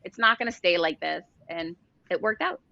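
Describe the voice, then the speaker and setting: A woman's voice: fairly low pitch, normal speed, vocal fry, no echo, dull audio. A middle-aged woman, a guest author, telling stories in a casual interview and acting out quoted dialogue. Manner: animated storyteller, acts out quoted dialogue.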